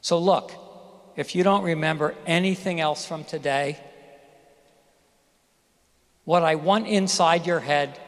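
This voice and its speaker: A man giving a commencement speech, telling stories and asking the audience questions. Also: on the high side. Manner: storytelling, addresses audience directly with questions. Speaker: commencement speaker. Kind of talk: graduation speech. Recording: reverberant hall.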